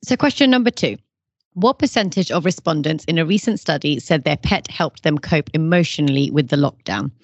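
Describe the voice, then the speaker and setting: A woman with a lowish voice hosts a casual podcast quiz. She reads out questions and plays bossy about her rules in a joking way. The sound is dry, a little dull and lo-fi. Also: brisk, no room sound. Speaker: podcast host and quizmaster.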